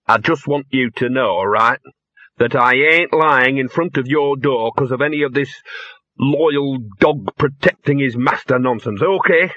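A smug, grumbling little mutt with a sarcastic streak, as a man puts him on for a storybook. The voice is bright and a bit husky. It sounds dull and lo-fi. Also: medium pitch, unhurried, no echo. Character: scruffy smug little male talking dog.

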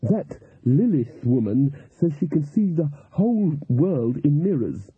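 A jolly, bustling woman cook, voiced by a man, chatters eagerly in a raised, husky voice. The storybook reading sounds tinny and dry, like it came down a phone line. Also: on the high side, very animated, measured pace, no room sound, voice pushed up, full character voice. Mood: chatty.

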